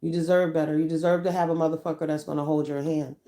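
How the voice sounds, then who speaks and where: A woman's voice: deep voice, little pitch movement, fast, dark tone. A woman hosts a casual livestream. She talks bluntly and profanely, telling stories straight to her viewers. Her delivery is loose, unscripted chat. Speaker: livestream host.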